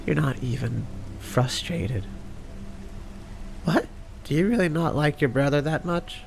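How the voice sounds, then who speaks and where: A man playing a cool, mocking dark robot villain. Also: a little high, expressive, unhurried, vocal fry, noisy background. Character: calm taunting male dark animatronic villain. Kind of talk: fan animation voice acting.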